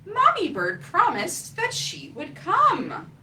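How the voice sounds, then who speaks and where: A woman playing a nestful of tiny storybook baby birds, chirping high and fretting in small worried voices. The pitch leaps about, and the voice sits a little away from the mic over faint room noise. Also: huge pitch swings, slow, pushed and bright, far from the mic, heavily acted. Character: hungry baby birds waiting in a nest.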